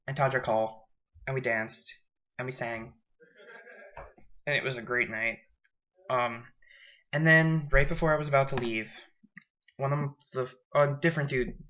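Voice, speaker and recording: A man's voice: medium pitch, a bit bright, lo-fi sound. A young man in college, chatting frankly and rambling through stories from his week in a casual vlog. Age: young adult. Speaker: college student vlogger.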